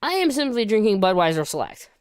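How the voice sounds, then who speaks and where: Woman host from Saint Louis, bubbly casual stream chatter, clean smooth tone, dry close mic. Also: mid-range voice, very animated, dry recording. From Saint Louis, USA. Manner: bubbly, chatty, quick to laugh and cheer. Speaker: livestream host. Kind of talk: casual livestream chat.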